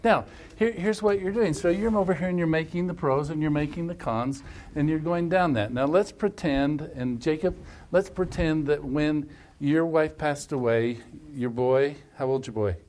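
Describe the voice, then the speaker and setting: A man leading a family workshop, coaching a couple in front of a group through animated, emphatic hypothetical scenarios. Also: on the high side, normal speed. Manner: repetitive, emphatic phrasing.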